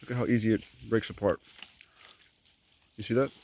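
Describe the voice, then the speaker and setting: A man from Korea vlogging as he clears his fruit garden outdoors, musing in rambling asides and talking while chewing. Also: fairly low pitch, fairly even intonation, normal speed, darkish tone, a little hiss or hum. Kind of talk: casual walk-and-talk vlog. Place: outdoors in an overgrown tropical garden.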